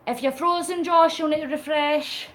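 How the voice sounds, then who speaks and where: A woman's voice: high-pitched, fairly even intonation, normal speed, slight background noise. A middle-aged woman, chatting casually on a live stream while cycling, laughing often and answering her chat. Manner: chatty, laughs often, reads out viewer comments; talks while pedalling on a bike.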